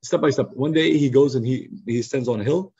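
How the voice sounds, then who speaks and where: A man teaching a youth study circle in a lively, conversational storytelling style, acting out quotes over a video call. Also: mid-range voice, brisk, husky. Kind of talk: casual storytelling lesson. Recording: slightly muffled lo-fi recording.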